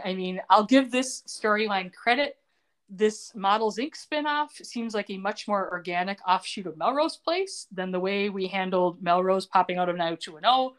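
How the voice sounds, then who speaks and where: A woman's voice: medium pitch, animated, moderate pace. A woman co-hosting a podcast, casually recapping a TV episode in a loose, chatty way with lots of fillers and asides. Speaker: podcast co-host.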